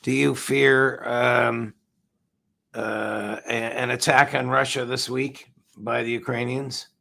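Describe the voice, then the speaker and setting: A hoarse man hosting an interview, asking blunt, pointed questions. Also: medium pitch, flat delivery, takes it slowly, sharp tone. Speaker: host.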